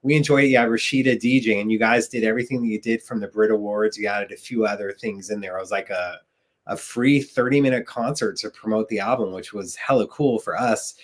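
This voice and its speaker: A man's voice: lowish voice, steady tone, fairly quick. A man hosting a podcast interview, enthusiastic and asking leading questions. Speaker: podcast host. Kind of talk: casual interview chat.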